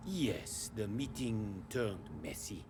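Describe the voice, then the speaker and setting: A decadent French vampire marquis. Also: male voice, lowish voice, animated, slow, background noise. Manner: theatrical, purring, relishing every word. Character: decadent, gleeful male French vampire aristocrat. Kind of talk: video game voice acting.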